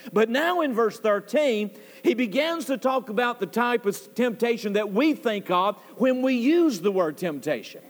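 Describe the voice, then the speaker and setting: A man with a high-pitched voice preaches a sermon, leaning hard on key words and repeating them for emphasis. His voice rings out in a church sanctuary, and a long reverb trails after it. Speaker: pastor. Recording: church service recording with long hall reverb.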